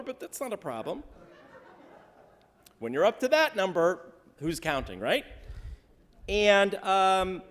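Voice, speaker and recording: Guy rabbi doing a chatty sermon, asks the crowd stuff, dry jokes, voice goes up and down a lot, echoey sanctuary. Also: sits high. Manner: conversational, quizzes the congregation, wry humor. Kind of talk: interactive sermon teaching the weekly Torah portion. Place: synagogue sanctuary during a service.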